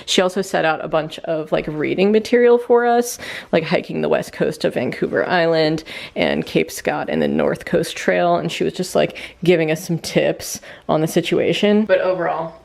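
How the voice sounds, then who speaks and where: A young woman with a low voice and vocal fry vlogs casually to a handheld camera inside a rented cabin at night. Her storytelling is chatty and packed with fillers.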